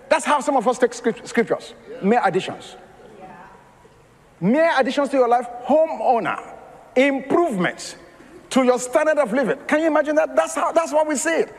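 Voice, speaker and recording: A man's voice: very high-pitched, lively intonation, moderate pace, long reverb tail. A man preaching a sermon as pastor, mixing scripture with storytelling and laughter.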